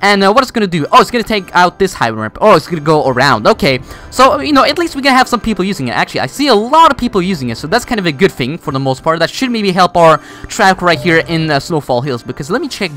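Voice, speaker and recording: A man's voice: high voice, big pitch swings, fast, bright, forceful tone. A man giving casual gameplay commentary, rambling with many fillers and restarts while he builds. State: voice cracks. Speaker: gaming YouTuber.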